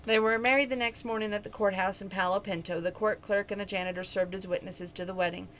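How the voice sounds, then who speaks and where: A woman reads a romance novel aloud in a relaxed, conversational way, now and then chatting to her listeners. Her voice sits at a middling pitch, with a faint hiss of noise in the background. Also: fast talker. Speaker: book reader.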